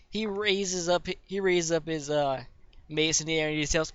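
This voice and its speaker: High-voiced man running a tabletop game. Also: normal speed, fairly bright tone, clean tone, dry recording. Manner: rambling, profane, many fillers. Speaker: game master. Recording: dull dry lo-fi recording.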